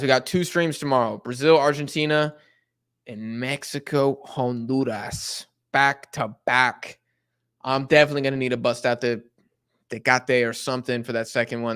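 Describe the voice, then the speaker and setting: A young American man casually chatting on a live soccer watch-along stream, reading out viewer messages in a loose, slangy way. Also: medium pitch. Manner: animated, slangy, reading chat aloud.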